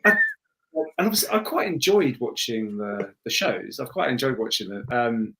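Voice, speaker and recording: A man's voice: medium pitch, sing-song, normal speed, gravelly, bright, forceful tone. A male voice actor chatting as a podcast guest, rambling with restarts and self-mocking swears. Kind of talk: casual podcast chat.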